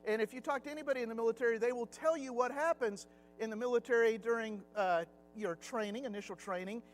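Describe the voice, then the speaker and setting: A middle-aged man leading a Sunday Bible class in a chatty, conversational way. He acts out quotes and laughs at his own jokes. His voice sits fairly high, with a faint hum underneath. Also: quick pace.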